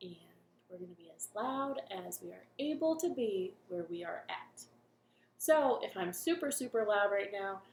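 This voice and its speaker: A woman's voice: mid-range voice, darkish tone, reverberant, a little hiss or hum. A young woman leading a cheerful children's storytime from her living room, chatting and singing simple songs.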